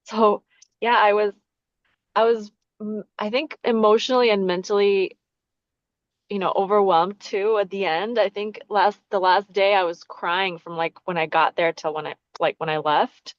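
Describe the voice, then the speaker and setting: A woman's voice: medium pitch, steady tone, moderate pace, no echo, highs cut off. A woman sharing her experience in a casual group chat, earnest and hesitant with many ums. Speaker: participant.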